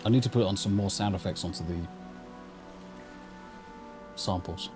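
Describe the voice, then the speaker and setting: A man's voice: low voice, normal speed, music in the background. An English man streaming live gameplay, chatting casually in a rambling, sweary way into a desk mic through a mixer.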